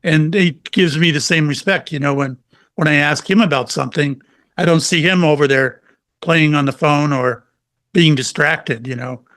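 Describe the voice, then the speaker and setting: High-leaning and at normal speed on a dry recording, a middle-aged man tells stories as a psychic medium guest in a casual interview. He's an animated storyteller who acts out the quotes.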